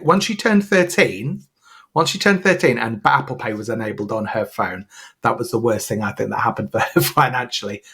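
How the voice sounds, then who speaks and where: A man in his thirties co-hosting a podcast in casual chat, playful and animated, slipping into silly voices for laughs. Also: medium pitch, gravelly, husky. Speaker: podcast co-host.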